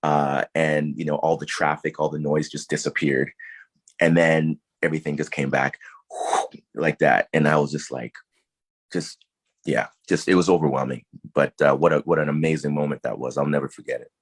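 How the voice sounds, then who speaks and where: A man's voice: a bass voice, steady tone, moderate pace, husky, no room sound. A man, an actor, answering interview questions in a casual, thoughtful way with many fillers and restarts.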